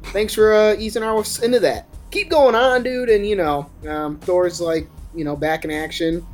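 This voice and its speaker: A man's voice: high-pitched, steady tone, moderate pace, faint music behind. A man giving a rambling, sarcastic, profane movie recap on a podcast. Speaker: podcast co-host.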